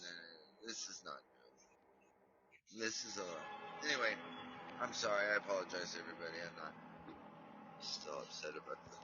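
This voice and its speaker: Deep-voiced and muffled in the recording, this podcast host runs a casual live-stream chat where he rambles apologetically, keeps restarting what he's saying, and stops to speak to his dog during the show.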